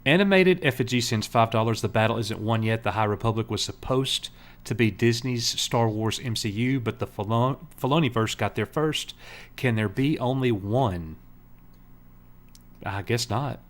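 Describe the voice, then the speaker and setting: A man's voice: mid-range voice, normal speed. A man co-hosting a live stream, reading out viewer donations in a playful, joking way. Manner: playful, joking, reads messages aloud. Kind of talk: casual live stream chat.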